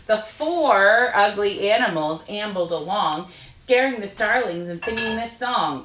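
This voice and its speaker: A woman reads a rhyming picture book to children with gentle, expressive storytelling. Her pitch moves in a lively, sing-song way, and the video call picks up a roomy echo. The pitch sits in a middle range. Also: moderate pace, few pauses, distant mic. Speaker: storytime reader.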